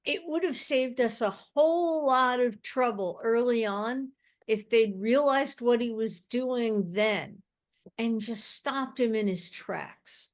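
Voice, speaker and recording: A woman fan panelist on a video call, laying out her point in a measured, deliberate way. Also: fairly high pitch. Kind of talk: casual video-call chat.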